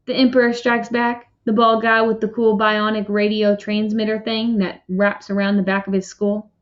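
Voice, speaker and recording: A woman's voice: medium pitch, level tone, moderate pace, lightly acted. A friendly male ear doctor who keeps things upbeat and reassuring, as a woman puts him on. He talks in a chatty, easygoing way. The sound is muffled and lo-fi. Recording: dull lo-fi recording.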